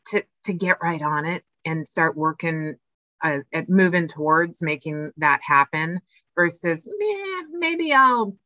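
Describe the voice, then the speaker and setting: A woman co-hosting a podcast, chatting casually and acting out her inner voices in an animated way. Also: sits low, measured pace, dry recording. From Oregon, US. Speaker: podcast co-host, nonprofit executive director. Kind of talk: casual conversation. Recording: dull, lo-fi sound.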